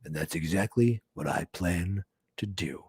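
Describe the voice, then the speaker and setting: A man doing a gruff Western sheriff. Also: sits low, a little slow, darkish tone, no echo, studio quality, voice pushed down, full character voice. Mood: stern. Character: gruff stern male small-town sheriff, Western.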